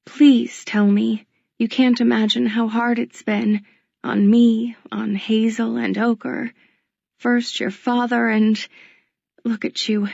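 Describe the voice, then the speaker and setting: A woman voicing a worn, worried middle-aged working mother who speaks softly and pleadingly, close to tears. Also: a little high, little pitch movement, unhurried, creaky, dry recording, muffled recording. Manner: soft, pleading, tearful.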